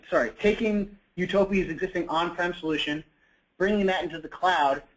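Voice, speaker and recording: A man presenting in a business webinar with a somewhat high voice. He talks in a loose, conversational way, often saying "you know" and correcting himself partway through sentences. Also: poor audio. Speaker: product presenter.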